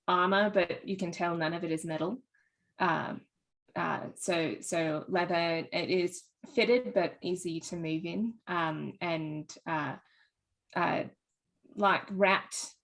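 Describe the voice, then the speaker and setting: A woman playing a tabletop game, describing her character hesitantly with many pauses and fillers. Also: lowish voice, fairly bright tone. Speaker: player.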